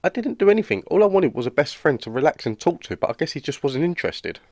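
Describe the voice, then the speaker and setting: A man's voice: a little high, sing-song, fast, vocal fry, a little mellow, dry recording, studio quality, exaggerated voice. A man voicing a lonely, awkward young roommate in a cartoon, speaking with a British accent in an earnest, rambling way. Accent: British English. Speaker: cartoon character. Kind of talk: animated comedy dialogue.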